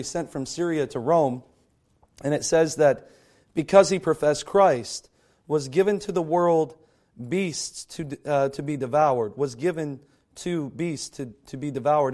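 A male pastor delivers a sermon through a hoarse, worn-out voice that cracks easily. His voice sits somewhat high for a man. He often clears his throat and trips over repeated words. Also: darkish tone.

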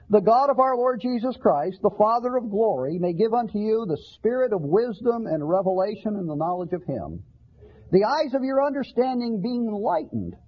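A man's voice: sits high, husky. A man preaching a sermon, earnest and conversational, often repeating words and asking rhetorical questions. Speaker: pastor. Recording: dull lo-fi sermon recording.

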